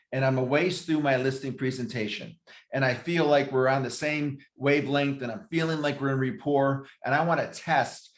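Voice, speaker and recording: A man giving a real estate training lesson, his voice at an ordinary middle pitch. He explains his points step by step, with fillers and frequent restarts. The room around him is echoey. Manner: explanatory, with fillers and self-corrections. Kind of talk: classroom training talk.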